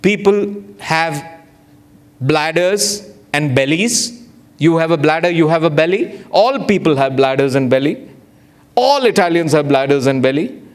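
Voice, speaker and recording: A man's voice: expressive, a little slow. A man, playing an earnest Italian café owner who patiently explains a custom in a raised voice. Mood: explaining. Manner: patient, explaining, pitched up high.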